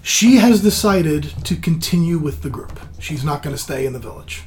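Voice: mid-range voice, expressive, moderate pace, a little mellow. The chatty dungeon master at the table. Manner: chatty, laughing asides. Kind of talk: running a tabletop game.

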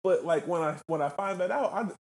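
A man's voice: high voice, a little fast, a little mellow. A man co-hosting a casual podcast, laid-back and rambling, with profane slang. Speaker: podcast co-host.

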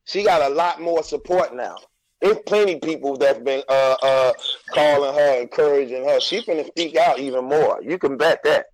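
A podcast co-host chats casually about battle rap, his slightly high voice raised and insistent at a normal speed. He teases and keeps repeating himself for emphasis, and the recording quality is low.

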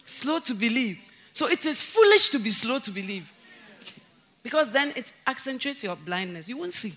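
A woman pastor preaching a sermon, animated and often laughing, shouting for emphasis and then dropping to low, earnest tones. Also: normal speed.

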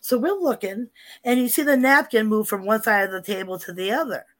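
A woman's voice: fairly high pitch, a little fast, fairly bright tone. A woman in casual chat, animatedly telling paranormal stories with lots of repetition and asides.

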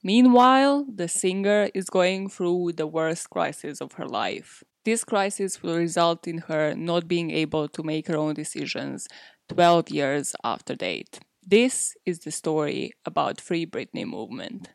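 A woman's voice: fairly low pitch, animated, measured pace, creaky, dry recording, studio quality. A young woman hosting a podcast, telling a story in a casual, chatty way and filling her talk with "like" and "literally". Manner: chatty, heavy use of "like" and "literally". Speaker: podcast host.

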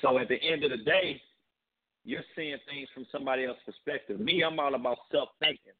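A rapper from St. Louis with a St. Louis accent, talking in a laid-back, rambling way as an interview guest. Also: male voice, medium pitch, a little fast. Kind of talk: casual interview. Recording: tinny phone line.

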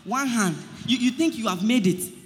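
A man's voice: very high voice, moderate pace, in a large hall. A man, preaching to his friends in a comedy skit, pleading, stammering over his words and quoting scripture. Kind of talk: comic street-style preaching.

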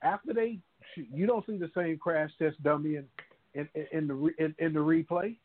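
A man's voice: fairly high pitch, fairly quick. A man on talk radio who rambles, repeats his words and tells folksy sayings. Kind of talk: casual talk radio chat. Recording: phone-like call-in line.

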